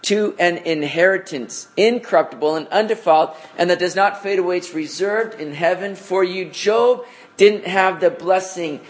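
A man leading a Bible study with a fairly high, light voice. He explains scripture in a relaxed, chatty way and reads passages aloud, checking in with rhetorical questions as he goes. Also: moderate pace. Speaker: Bible teacher. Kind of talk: conversational Bible study teaching.

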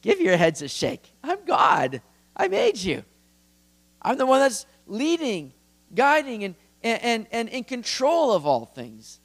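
A man's voice: very high voice, wildly swooping pitch, unhurried, voice pushed up, exaggerated voice. A preacher voicing God as an exasperated male figure who mocks scheming people with incredulous, teasing questions.

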